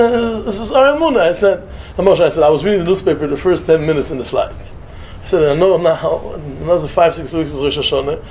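A man giving a sermon, telling a story and mixing in Hebrew and Yiddish phrases, jumping between loud emphatic lines and soft murmured asides. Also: sits high, slight background noise. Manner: peppers English with Hebrew and Yiddish words, short repeated phrases. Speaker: rabbi giving a talk.

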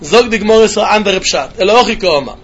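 A man giving a yeshiva-style Talmud lecture in a quick sing-song study chant. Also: sits high, expressive, muffled recording, a little hiss or hum. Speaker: Talmud teacher.

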